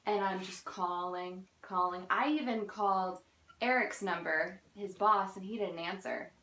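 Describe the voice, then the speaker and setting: A woman's voice: medium pitch, unhurried, a bit bright. A woman in a casual chat, telling a story with an exasperated, teasing edge. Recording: echoey room.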